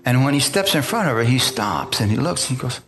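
A male preacher shares his testimony with a congregation. He tells it as a story, slips into the voices of the people in it, and keeps calling for an amen. His voice sits at an ordinary middle pitch, with faint music under it. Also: sing-song, fairly quick, a bit bright. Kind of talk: testimony sermon. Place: church in front of a congregation.

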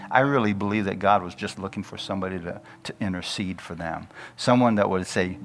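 A man's voice: lowish voice, fairly even intonation, a little fast, hardly any pauses. A man delivering a sermon in a folksy, conversational way, chuckling often as he tells the story. He slips into the voices of the figures he describes, with faint music under his voice. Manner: folksy, laughing often, acting out Bible figures. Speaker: pastor.

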